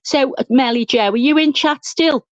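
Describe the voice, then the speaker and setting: A woman hosting a livestream, chatting casually and telling stories in an animated, talkative way. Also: high-pitched, normal speed, no echo. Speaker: livestream host. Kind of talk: casual chat. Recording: dull dry lo-fi stream audio.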